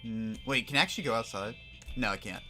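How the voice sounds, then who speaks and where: A young man giving casual, excitable commentary while playing a game, swearing freely and rambling off on tangents. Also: medium pitch, quick pace, faint music behind. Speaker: gamer. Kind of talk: casual let's play commentary.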